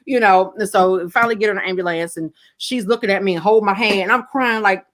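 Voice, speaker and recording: Fast-talking, outspoken middle-aged woman. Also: medium pitch, a bit bright. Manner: candid, profane, emotional storytelling. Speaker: podcast guest co-host. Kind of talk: casual chat.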